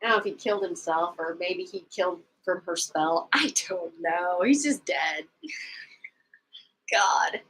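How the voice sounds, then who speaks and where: A woman's voice: lowish voice, slow, a bit bright, slight background noise, rough recording. A woman co-hosting a casual book club livestream, rambling through a plot recap with asides and chuckles, sometimes acting out the characters' lines.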